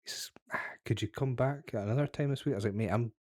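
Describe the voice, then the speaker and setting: A man's voice: mid-range voice, quick pace, darkish tone, no room sound, studio quality. A young man, a podcast co-host, chatting casually and telling a long, sweary anecdote with acted-out quotes. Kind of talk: casual chat, storytelling.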